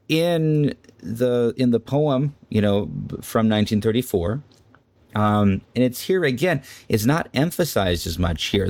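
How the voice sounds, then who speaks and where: A man's voice: mid-range voice, gravelly, darkish tone, no echo. A man co-hosting a casual literary discussion, reflective and stammering as he searches for words. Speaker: podcast co-host.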